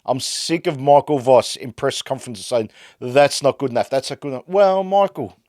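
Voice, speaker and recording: An Australian man hosting a podcast, delivering an exasperated fan rant that swings between loud outbursts and muttered frustration. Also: on the high side, no room sound, clean studio sound. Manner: fired-up, exasperated ranting that swings loud and quiet. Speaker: podcast host. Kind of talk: ranting fan commentary.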